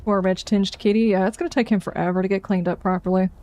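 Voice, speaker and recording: Mid-range and steady, this woman's voice moves at a quick pace with a dark tone. She's livestreaming a game with casual commentary, chatty and wry as she reacts aloud and answers her viewers' chat.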